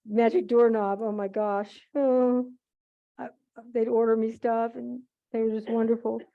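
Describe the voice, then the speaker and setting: A woman's voice: a little high, phone-quality sound. An older woman telling fond, rambling stories to an audience, full of asides and self-corrections. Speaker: guest speaker at a museum holiday event. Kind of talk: chatty anecdotal talk to an audience.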